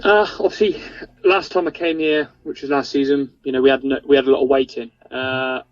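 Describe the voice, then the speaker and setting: Flat-voiced racing driver. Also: male voice, mid-range voice, dry recording, lo-fi sound. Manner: measured, hesitant with ums and you knows.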